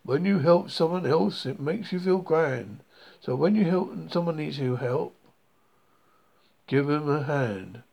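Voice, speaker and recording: Reader doing a motherly mole, storybook, gravelly, unhurried. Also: mid-range voice, lively intonation, darkish tone. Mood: kind.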